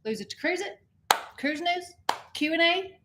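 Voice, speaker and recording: A woman's voice: very high voice, expressive, normal speed, background noise. A middle-aged woman from Texas co-hosting a casual cruise livestream, chatting and greeting viewers by name. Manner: chatty, reads out viewer comments and greets them. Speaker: co-host of a cruise channel livestream.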